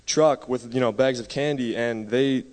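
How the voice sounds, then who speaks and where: A man with a mid-range voice gives a halting church testimony, pausing on "uh" and "um." A long reverb follows his voice around the sanctuary. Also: mid-range voice, fairly even intonation, a little mellow. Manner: hesitant, many "uh"s, laughs lightly. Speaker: mission trip member giving testimony.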